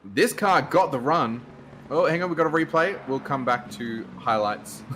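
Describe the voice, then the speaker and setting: An Australian man commentates a sim race in a loose, chatty way. He laughs easily between calls, and there is clear noise under his voice. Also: on the high side, lively intonation, normal speed, a bit bright.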